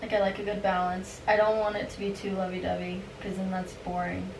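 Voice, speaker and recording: A woman's voice: mid-range voice, monotone, brisk. A woman guest in a casual podcast chat, candid and chatty, often saying "like.". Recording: echoey room, distant mic, hiss.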